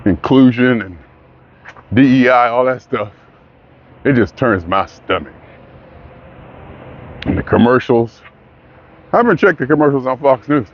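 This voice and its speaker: A man's voice: mid-range voice, muffled recording, a little hiss or hum. Man rambling through a loose monologue. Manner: rambling, self-questioning, restarts often; slips into mocking put-on voices. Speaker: vlogger. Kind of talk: casual monologue.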